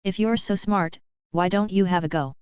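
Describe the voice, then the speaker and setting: A confident young male hero, read out by a woman speaks in a dry, unbothered, matter-of-fact way. The voice is low-set and very smooth. Heard in a dry, close audiobook recording with a slightly dull top end. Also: normal speed, a little mellow, no echo, close to an everyday voice. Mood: wry. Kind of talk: audiobook character voice.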